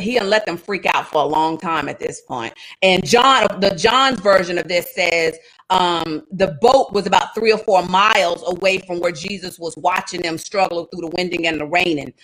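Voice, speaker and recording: A woman leading a casual livestreamed Bible study, animated and quick to laugh, with dramatic asides. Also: fairly low pitch, rough recording.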